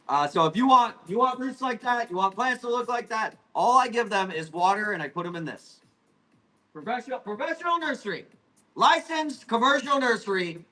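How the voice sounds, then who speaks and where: A man hosting a live plant auction, rambling, apologizing and swearing as he hurries through his sales pitch. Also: pushed and bright, poor audio. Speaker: live-stream plant seller. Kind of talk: live auction selling chat.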